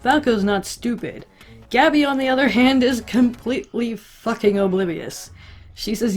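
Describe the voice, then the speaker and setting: A woman's voice: a little high, moderate pace, a little mellow, soft background music. A woman casually recapping a story with profane, wry asides. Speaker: recap host.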